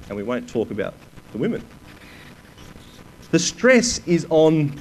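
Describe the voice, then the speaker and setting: A man's voice: fairly high pitch, darkish tone, slight background noise, poor audio. A man preaching a sermon, reading scripture aloud with emphasis and putting rhetorical questions to his listeners.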